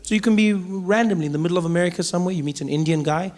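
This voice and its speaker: A South African man in his thirties doing stand-up on a large theatre stage, telling stories with animated, rising punchlines. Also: sits high, racing. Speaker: stand-up comedian. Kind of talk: stand-up comedy.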